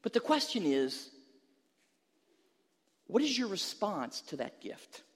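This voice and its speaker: A man's voice: high-pitched, very animated, takes it slowly, husky, long reverb tail. A male pastor preaching a sermon, telling a humorous story and then pressing an emphatic question to the listeners.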